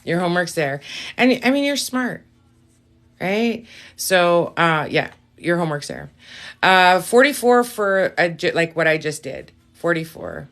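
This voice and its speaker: A woman with a slightly low voice hosts a casual live-stream reading. She talks straight to her viewers, blunt and quick to swear. Now and then she jumps up in excitement, then sinks into a quiet aside. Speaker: live-stream tarot reader.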